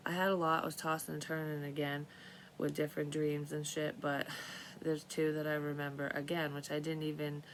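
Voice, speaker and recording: Low-voiced woman losing her voice. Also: completely flat delivery, moderate pace, a little hiss or hum, rough recording. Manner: rambling, profane, self-interrupting. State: losing her voice, clearing throat and coughing. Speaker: tarot reader vlogger. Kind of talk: casual rambling vlog chat.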